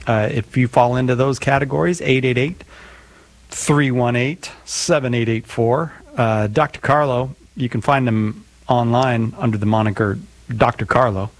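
A man's voice: medium pitch, moderate pace, no echo. A man hosting a call-in radio show, joking around and rambling with lots of fillers. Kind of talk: casual radio chat.

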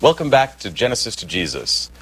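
Low-voiced man hosting an interview. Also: big pitch swings, a little fast, over loud music. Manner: hesitant, searching phrasing with fillers. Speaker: program host.

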